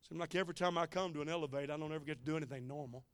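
A man's voice: on the high side, racing. A man preaching a sermon, telling a story in a folksy, emotional way with joking asides. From United States.

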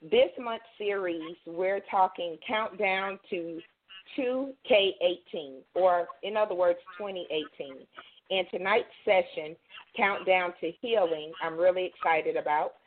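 A woman's voice: lowish voice, measured pace. A woman with a Southern American accent, hosting an online radio show in a chatty, upbeat way. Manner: chatty, laughs off technical trouble. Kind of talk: casual call-in radio hosting. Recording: tinny phone line with faint hiss.

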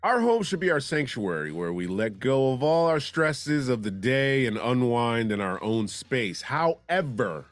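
A man's voice: medium pitch, sing-song, a little slow, few pauses, no room sound. A man hosting a comedy news show, reading odd stories and breaking off for sarcastic, wisecracking asides. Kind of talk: joking news commentary.

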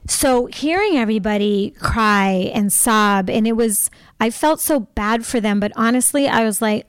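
Chatty, quick-talking woman guest. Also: on the high side, clean tone, dry recording, clean studio sound. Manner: talkative, animated storyteller; quick bursts with laughs. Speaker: podcast guest. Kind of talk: casual interview chat.

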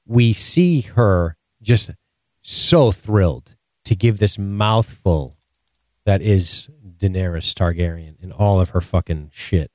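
Male co-host, low register, loose profane banter, dry recording. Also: a little mellow, dry recording. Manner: swears freely, quick asides, laughs often. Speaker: podcast co-host. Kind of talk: casual recap chat.

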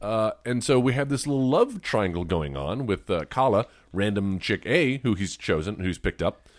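Podcast guy, kinda low voice, lots of ums and restarts, bouncy delivery. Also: very animated, moderate pace, no echo, clean studio sound. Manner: rambling, full of fillers and restarts. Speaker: podcast co-host. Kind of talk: casual movie-review chat.

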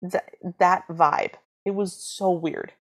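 Young woman cohost, kinda low voice, wry and chatty, going thru her notes. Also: fairly even intonation, slow pace. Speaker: podcast co-host. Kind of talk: casual chat recapping a film.

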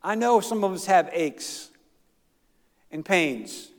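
Middle-aged pastor, folksy and emphatic, fairly high voice, ringing church hall. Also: male voice, expressive, slow. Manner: folksy, emphatic preaching with asides to the congregation. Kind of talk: sermon. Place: church sanctuary. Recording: long reverb of a church hall.

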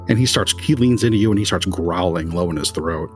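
A man's voice: sits low, a little fast, soft background music. A man narrating a tabletop role-playing game as game master, casual and rambling.

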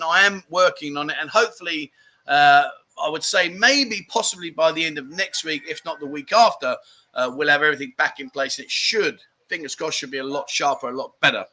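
Guy hosting a live stream in his garden, rambly and chatty, bright sharp tone, bit high. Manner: rambling and chatty, with many restarts and asides. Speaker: live chat show host. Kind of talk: casual live-stream chat reading viewer comments. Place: outdoors in a garden under trees.

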